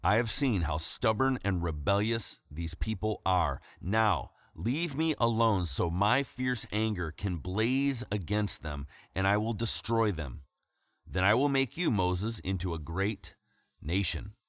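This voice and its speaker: A man reading aloud the lines of an angry male deity in a grave, measured way. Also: lowish voice, animated, a bit bright, no echo, clean studio sound. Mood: stern.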